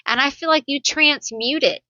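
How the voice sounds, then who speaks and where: A woman's voice: high-pitched, moderate pace, sharp tone, highs cut off. A woman giving a pick-a-card tarot reading, blunt and sassy, laughing often. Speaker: tarot reader.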